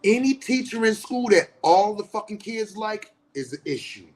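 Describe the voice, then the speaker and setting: A man's voice: sits high, expressive, moderate pace. Fired-up man with AAVE speech. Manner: passionate, blunt, heavy swearing, rising to shouts. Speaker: spiritual teacher and counselor. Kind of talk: impassioned profane monologue.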